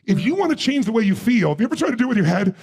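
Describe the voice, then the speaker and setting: A man giving a live seminar address as a motivational speaker, firing rapid questions and commands at the audience. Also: very high voice, very animated, darkish tone. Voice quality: gravelly, husky voice.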